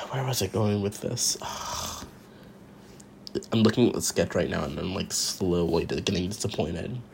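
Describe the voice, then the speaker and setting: Male podcast host, slightly low voice, wry rambling monologue, keeps cutting himself off. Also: vocal fry, darkish tone, a little hiss or hum. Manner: rambling, self-interrupting, wry and sarcastic. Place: at home while drawing.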